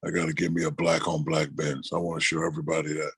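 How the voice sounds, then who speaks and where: A middle-aged man, an interview guest, telling stories in a relaxed, conversational way and acting out the people he quotes. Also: very deep voice, fast, breathy edge, no echo. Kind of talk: casual storytelling.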